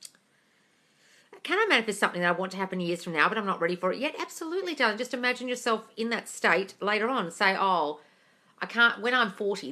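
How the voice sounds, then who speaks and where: A woman chats on a live stream, reading out viewer questions and answering each one. Her voice is bright and forward, and she calls her viewers darling, gushing over good news before giving firm advice. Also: fairly high pitch. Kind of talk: casual live-stream chat.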